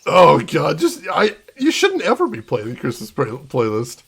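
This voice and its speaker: Pitch swooping wildly from a fairly high base, with vocal fry, a young American streamer talks at normal speed. He casually comments on his game and jokingly rants at his chat.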